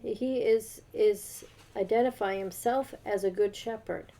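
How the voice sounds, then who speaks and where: Woman co-host reading scripture; unhurried, dark and soft-edged voice. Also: mid-range voice, creaky. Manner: slow, measured reading aloud.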